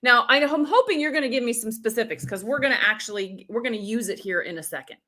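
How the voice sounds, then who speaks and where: A woman's voice: on the high side, expressive, fast, bright, forceful tone. A woman coach running a live-streamed workshop, upbeat, talking straight to viewers and reading out their comments. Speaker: business coach.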